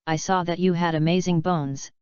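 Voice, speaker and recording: A woman's voice: lowish voice, steady tone, normal speed, darkish tone, clean tone, dry recording, close to an everyday voice. A woman voicing a scheming older male teacher in a storybook reading, speaking in an explanatory, coaxing way. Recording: dull lo-fi recording.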